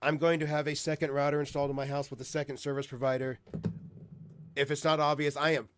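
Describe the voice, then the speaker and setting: A man's voice: fairly high pitch, little pitch movement, fast, clean tone, no room sound. A man hosting a casual livestream from home, frustrated, apologizing and swearing heavily. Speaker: livestream host.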